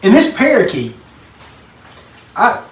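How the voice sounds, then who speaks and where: A man from Texas, co-hosting a casual podcast chat and telling animated stories. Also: sits high, takes it slowly. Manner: storytelling, animated. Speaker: podcast co-host. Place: basement. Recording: echoey room, mic at a distance, faint noise.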